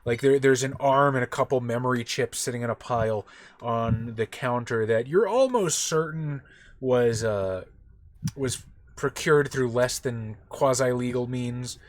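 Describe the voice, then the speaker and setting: A man's voice: mid-range voice, measured pace, no room sound. Man running a tabletop game, loose narration, dry sound. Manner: casual, loose narration with fillers. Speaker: game master.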